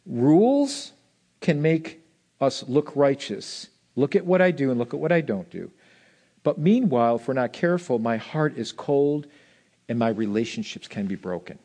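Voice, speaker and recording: A male pastor preaching a sermon, swinging between loud emphasis and soft asides. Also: medium pitch, big pitch swings, moderate pace.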